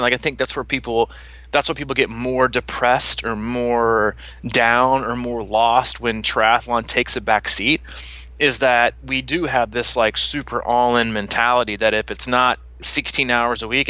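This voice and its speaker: Casual male podcast host, 30s, bright and animated, dry lo-fi mic. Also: medium pitch, moderate pace, no room sound. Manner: animated, laughing, lots of "like" fillers. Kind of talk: casual chat.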